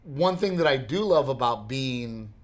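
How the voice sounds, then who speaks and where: A man, co-hosting a podcast in casual chat, telling stories in an animated way and teasing his wife. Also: mid-range voice, a little slow. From Texas. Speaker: podcast co-host.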